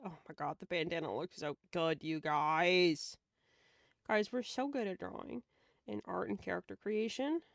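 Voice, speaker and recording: A woman's voice: fairly low pitch, a little slow, creaky, no echo. A woman streamer chatting casually while she draws, playful and joking, laughing often.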